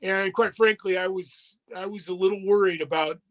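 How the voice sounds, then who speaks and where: A man's voice: high-pitched, normal speed, a crowd in the background. Profane older man telling wrestling stories. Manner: profane, animated anecdotes with quoted voices. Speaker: retired wrestler and musician, guest. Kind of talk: casual storytelling interview.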